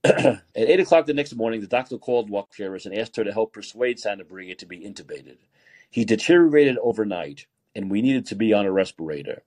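Husky-voiced man ranting angrily. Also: on the low side, expressive, brisk, darkish tone. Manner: angry, profane ranting. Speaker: podcast host. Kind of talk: opinionated political commentary.

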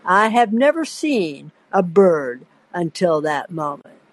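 A woman spins a first-person story for her podcast audience, acting out the quoted voices with playful relish. Her pitch rises and falls in wide arcs while her pace stays slow and deliberate. The sound is close and dry. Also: big pitch swings, no room sound, rough recording. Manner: theatrical, acts out quoted voices; addresses listener directly, playful. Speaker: podcast host and narrator.

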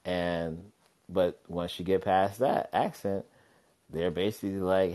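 A man co-hosting a podcast in casual chat, animated and laughing often, slipping into playful voices. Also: deep voice, takes it slowly. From Philadelphia. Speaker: podcast co-host.

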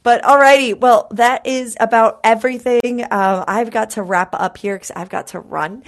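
A woman's voice: a little high, normal speed. A young woman hosting a live space podcast, talking casually and upbeat with plenty of fillers. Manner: chatty, upbeat, many fillers. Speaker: podcast host.

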